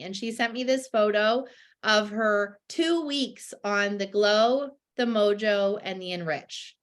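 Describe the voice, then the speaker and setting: Upbeat woman host, higher voice. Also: a bit bright. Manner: upbeat, chatty, many fillers. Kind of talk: casual chat on a live stream.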